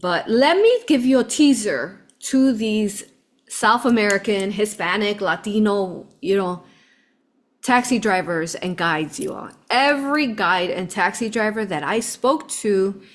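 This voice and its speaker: A woman's voice: mid-range voice, animated, measured pace. A woman vlogger telling a travel story to her viewers in a rambling, fervent way, often calling them "you all". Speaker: spiritual vlogger. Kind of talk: casual direct-to-camera storytelling.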